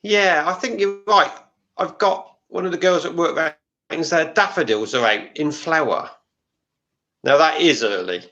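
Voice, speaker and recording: A man's voice: on the high side, normal speed, bright, forceful tone, highs cut off. A man who is a gardening regular on a chat show, talking in a dry, matter-of-fact way. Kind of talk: casual chat.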